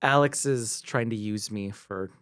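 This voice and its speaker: A man co-hosting a podcast in casual chat, animated, quick to laugh and playfully indignant. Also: on the low side, clear, resonant tone, no room sound, studio quality. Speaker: podcast co-host.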